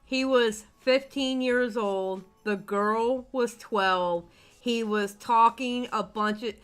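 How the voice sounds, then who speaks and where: A woman's voice: on the high side, takes it slowly, smooth. A woman hosting a reaction commentary, exasperated and repeating herself as she insists she won't get angry. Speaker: commentary channel host.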